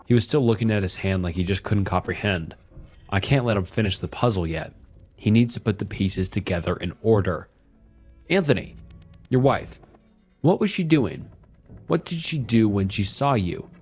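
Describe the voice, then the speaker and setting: A man's voice: fairly low pitch, lively intonation, a little fast, a little mellow. A man narrating a first-person horror story, cold, probing and controlling in his questions. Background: faint music.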